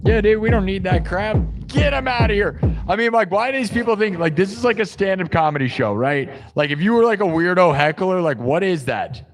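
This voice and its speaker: A man's voice: high voice, expressive, fairly quick, hardly any pauses, faint music behind. A man hosting a livestream, chatting loosely with his viewers and reading their comments aloud, full of "like" and "dude". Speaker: livestream host of an improvised music show. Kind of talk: casual chat reading live comments.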